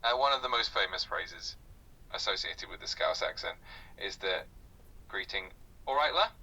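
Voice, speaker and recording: Male AI tutor, low-pitched and breathy, patient and upbeat, sounds far off the mic. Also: normal speed, pushed and bright, muffled recording. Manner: polite, encouraging, with frequent "uh" fillers. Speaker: AI conversation partner.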